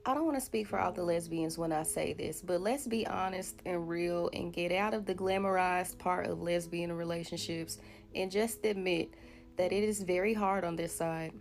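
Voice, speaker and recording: A woman tells an earnest, reflective story to camera in a lowish voice with a gravelly fry. Faint guitar music plays behind her. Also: normal speed.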